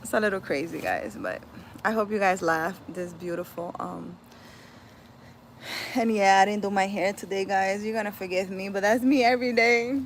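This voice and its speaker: A woman's voice: mid-range voice, moderate pace, slight background noise. A woman chatting casually on a livestream as a spiritual healer, laughing often and slipping in Spanish exclamations.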